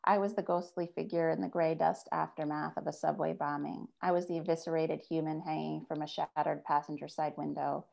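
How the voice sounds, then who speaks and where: Woman, author reading her own story, measured pace, low voice, vocal fry. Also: little pitch movement, darkish tone. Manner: measured first-person reading. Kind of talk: reading her fiction aloud.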